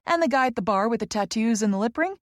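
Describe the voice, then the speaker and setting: Brassy teasing gal pal, high and playful, woman reader doing the voice. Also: expressive, fast, dry recording, studio quality, lightly acted.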